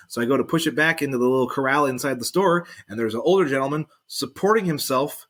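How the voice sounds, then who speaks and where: A man on a casual podcast tells a long anecdote in a dry, deadpan way. His voice is bright and forward, and he often acts out what other people said. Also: mid-range voice, quick pace, few pauses. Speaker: podcast co-host. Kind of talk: casual storytelling.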